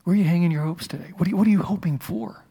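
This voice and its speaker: A man preaching a sermon as pastor, telling a personal story with many halting restarts. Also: high-pitched, vocal fry, dark tone, slightly rough. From United States.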